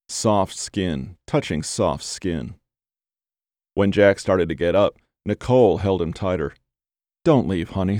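Male storyteller, low-pitched, measured and deliberate, dry recording. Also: a little mellow, dry recording. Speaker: narrator. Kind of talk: scripted story narration.

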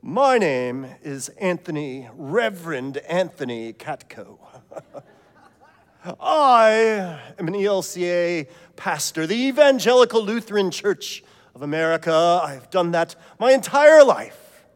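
A man's voice: medium pitch, very animated, slow pace, pauses often, husky, in a large hall, exaggerated voice. A man doing an eager humble pastor. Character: humble male pastor arriving in heaven.

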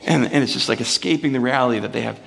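A man's voice: mid-range voice, very fast, creaky, a bit bright. A man preaching a casual, rambling sermon to a church congregation, often acting out the voices of the people in his stories. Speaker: pastor. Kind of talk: conversational sermon. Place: church before a live congregation.

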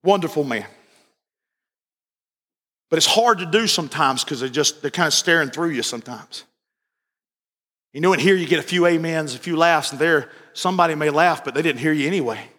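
A man's voice: on the high side, a little fast, pauses often, pushed and bright, in a large hall. A man preaching an evening sermon and telling stories, who repeats his phrases and works up into impassioned preaching. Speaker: pastor.

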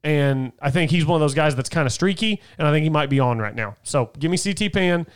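A man co-hosting a golf podcast, talking in a casual, joking way as he runs through player stats and picks. His voice sits a little higher than most men's. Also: lively intonation, quick pace, smooth. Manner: conversational, reads off stats, jokes with co-host. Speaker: podcast co-host. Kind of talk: casual sports chat.

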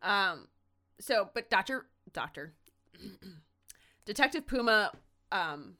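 Brief: casual woman podcast co-host, animated storyteller, lots of fillers. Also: mid-range voice, slow. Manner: animated retelling, acts out quotes, many likes and ums. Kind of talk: casual chat recapping a TV episode.

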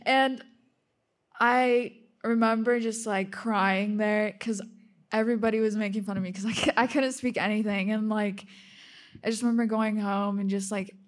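A young woman from Russia, a native Russian speaker, shares a personal testimony with a group, nervous and halting. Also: medium pitch, fairly even intonation. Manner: nervous and halting, with apologies and nervous laughter.

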